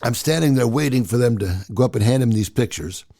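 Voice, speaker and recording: An older man in his sixties with a gravelly edge spins personal stories in a casual, chatty way. His voice rises and falls freely as he tells them. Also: mid-range voice, fairly quick. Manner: animated, chatty storyteller. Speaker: storyteller.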